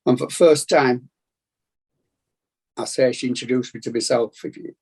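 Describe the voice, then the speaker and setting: Gravelly Yorkshire man, earnest. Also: medium pitch, fairly even intonation, moderate pace, darkish tone. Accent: Yorkshire, Bradford. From England. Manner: earnest, reflective, rambling. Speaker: meeting participant. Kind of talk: casual sharing.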